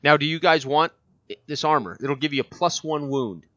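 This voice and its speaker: A man running a tabletop role-playing game as game master, narrating and checking rules with many pauses and fillers. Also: fairly high pitch, bright, forceful tone. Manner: halting, thinks aloud with many fillers. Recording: dull lo-fi sound.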